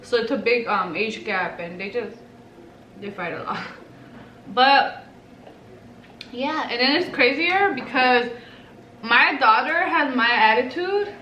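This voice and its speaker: A woman's voice: a little high, animated, slow, pauses often, bright, forceful tone, distant mic. A young woman chatting casually in a rambling way as a vlogger. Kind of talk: casual chat. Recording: echoey room, faint hiss.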